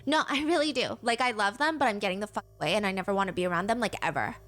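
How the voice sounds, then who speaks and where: A woman's voice: mid-range voice, very fast, fairly bright tone, close to an everyday voice. A woman putting on the voice of an angry teenage girl reading out her own text messages, whiny and cursing. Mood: fed up.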